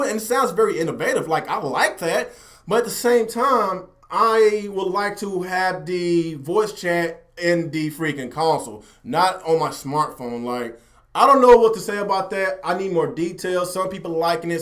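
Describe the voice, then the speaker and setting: A man's voice: a little high, fairly bright tone. A young man hosting a gaming livestream, talking casually and repetitively while answering his chat. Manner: talkative, repeats himself, addresses chat directly.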